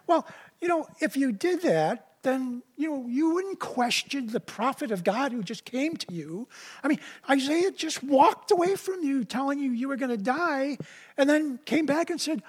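A man's voice: very high voice, lively intonation, a little slow. A man preaching a sermon in a loose, conversational way, full of asides and restarts.

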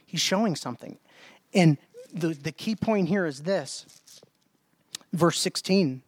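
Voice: mid-range voice, animated, slow pace, no echo. Emphatic preacher, dry close sound. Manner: emphatic, asks rhetorical questions, repeats words. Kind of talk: sermon.

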